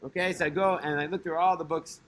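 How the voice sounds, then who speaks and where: Speaking fast with fairly even intonation, a man with a high-side voice tells a personal religious story. He's a storyteller host whose casual, conversational delivery is full of fillers and restarts, with Hebrew terms mixed in.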